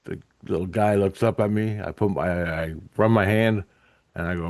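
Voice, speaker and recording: A man with a somewhat low voice recounts a spiritual vision to camera. He rambles, restarts and swears, growing excitable as he goes. The sound is close and dry, with no room echo. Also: normal speed. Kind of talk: casual storytelling to camera.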